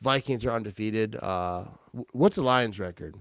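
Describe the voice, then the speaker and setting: A man hosting a casual sports talk show, excitable and quick to laugh, often restarting his sentences. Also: on the low side, dry recording. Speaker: podcast host.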